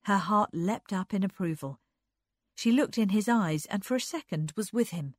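A woman narrating a literary story in a measured storytelling manner. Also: medium pitch, expressive, dry recording, clean studio sound. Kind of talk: audiobook narration.

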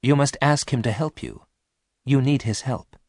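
A man voicing a calm male spaceship operator who speaks quietly and evenly in a storybook reading. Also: medium pitch, breathy edge, no room sound, studio quality, voice pushed up. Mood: warning. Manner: quiet, measured.

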